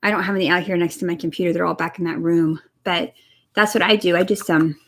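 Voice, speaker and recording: A young woman giving a spiritual energy reading on a live stream, talking softly and encouragingly to viewers by name from a room at home. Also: lowish voice, steady tone, quick pace. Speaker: energy reader. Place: home room next to her computer.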